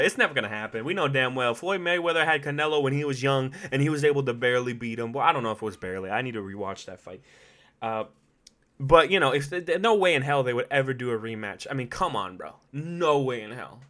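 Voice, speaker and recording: A man hosting a podcast, talking casually on his own with lots of swearing, slang and frequent laughter. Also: mid-range voice. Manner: animated, profane, slangy, laughs often. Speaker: podcast host. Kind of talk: casual solo commentary.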